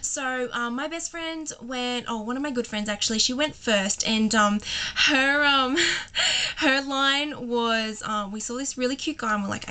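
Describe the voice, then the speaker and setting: Bright, chatty young woman. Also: on the high side, normal speed. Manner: chatty and giggly, full of "like" and "um". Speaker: vlogger. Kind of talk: casual storytelling to camera.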